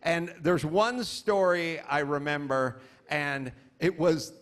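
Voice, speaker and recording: On a comedy club stage in front of a live crowd, a middle-aged man from the United States hosts a comedy podcast, taking it slowly in a fairly high voice. He rants with profanity and exasperation while telling stories and mocking people in put-on voices.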